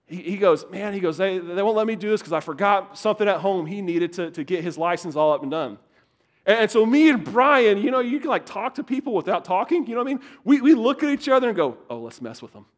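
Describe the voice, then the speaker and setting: A young adult man preaching a sermon as pastor, animated, repeating words and swinging from loud bursts to hushed asides. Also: high voice, fairly quick.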